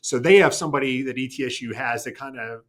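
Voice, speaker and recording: A man's voice: medium pitch, quick pace, fairly bright tone. A man co-hosting a casual station chat show, telling a long story with many restarts and fillers. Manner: rambling, self-correcting storytelling. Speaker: TV news anchor.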